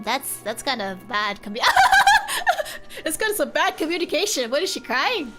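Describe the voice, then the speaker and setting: A young woman streaming a casual watch-along, excitable and rambling, with frequent gasps. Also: high-pitched, measured pace, soft background music.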